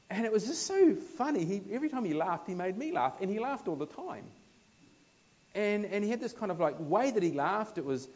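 Speaking in a high voice with a New Zealand accent, a man from New Zealand gives a sermon that feels conversational and story-driven. He builds to emphatic peaks, then drops into quiet asides, all captured on dull-sounding audio.

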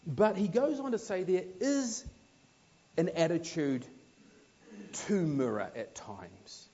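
A man from New Zealand with a New Zealand accent, preaching a sermon in a conversational, anecdotal way, with emphatic swells that drop to soft asides. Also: high-pitched, animated, slow pace, muffled recording, slight background noise.

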